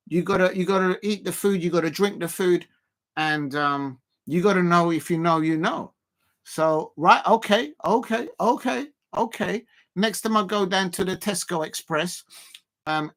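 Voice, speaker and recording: A man hosting a casual live stream, talking in an excitable, rambling way and often laughing. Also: high voice. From South London, Colombian roots. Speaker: live stream watch-along host.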